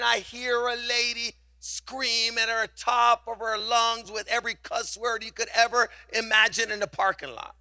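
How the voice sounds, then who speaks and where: High, bright-voiced preaching pastor. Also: male voice. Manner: passionate, call-and-response preaching. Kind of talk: sermon.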